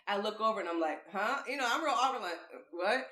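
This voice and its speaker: A woman co-hosting a podcast, telling a story in casual, profane, animated chat. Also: mid-range voice, rapid-fire. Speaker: podcast co-host. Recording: echoey room.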